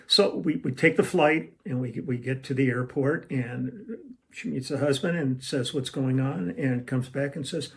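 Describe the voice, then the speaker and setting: A man's voice: medium pitch, unhurried, vocal fry, a bit bright. An older man telling a long story casually at home, meandering and acting out what people said. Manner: rambling, meandering, acts out quoted lines. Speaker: musician telling a tour story. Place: at home, room with a shelf.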